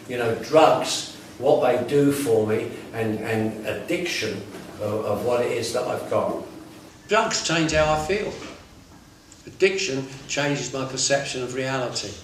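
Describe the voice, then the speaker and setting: A man giving a blunt, conversational talk to a recovery group, with laughs and asides mixed in. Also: mid-range voice. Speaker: recovery workshop speaker. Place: workshop meeting room. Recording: very echoey room, mic far off, faint noise.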